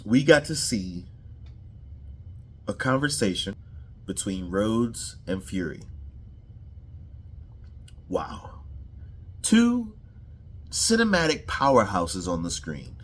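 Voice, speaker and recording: A man with a low, husky voice chats casually about a show episode. His pitch swings widely as he gets animated and repeats his points. He swears freely. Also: a little slow. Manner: animated, profane, repeats himself. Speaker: show reviewer. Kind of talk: casual reaction chat.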